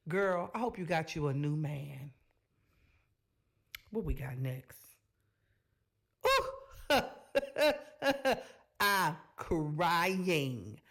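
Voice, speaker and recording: A woman hosting a reaction video, giving sassy, animated commentary straight to her viewers. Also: low-pitched, slow pace, pauses often.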